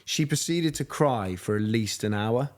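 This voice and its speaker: A man's voice: medium pitch, animated, measured pace. A man in his thirties, a podcast co-host, chatting casually and telling a story with frequent laughs. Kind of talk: casual chat.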